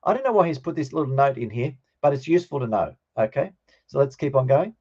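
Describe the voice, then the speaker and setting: A man's voice: medium pitch, lively intonation, fast talker, breathy edge. Man teaching Greek grammar, dull lo-fi sound. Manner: explanatory, checks in with "okay?". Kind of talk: classroom grammar lesson.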